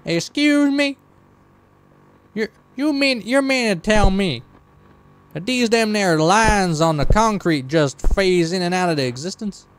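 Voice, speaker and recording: A drawling, homespun country fellow voiced by a man. The country drawl is put on and wobbles. The voice sits a little high, and the recording has clear background noise. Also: lively intonation, unhurried. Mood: folksy. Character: folksy rough country man lost in a facility. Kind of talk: in-character gameplay commentary.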